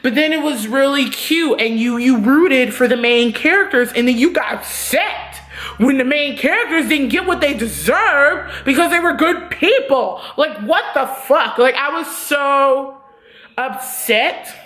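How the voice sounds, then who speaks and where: A young woman casually reviewing a TV series, talking in animated, profane bursts that swing between loud outbursts and quick asides. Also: sits high. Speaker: TV review vlogger.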